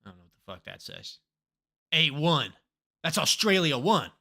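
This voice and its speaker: A man's voice: a little high, sing-song, normal speed, creaky, sharp tone. A male streamer casually commenting on a game live, swearing and thinking aloud.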